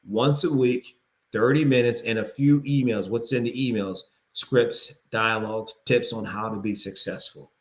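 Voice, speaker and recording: A man coaching real estate agents in an energetic sales pitch, repeating phrases for emphasis. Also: measured pace.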